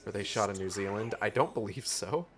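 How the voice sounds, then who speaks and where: A man's voice: lowish voice, a little fast, background noise. A man giving casual, rambling, profane commentary while playing a video game, talking to himself as he goes. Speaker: gaming streamer. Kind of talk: casual let's-play commentary.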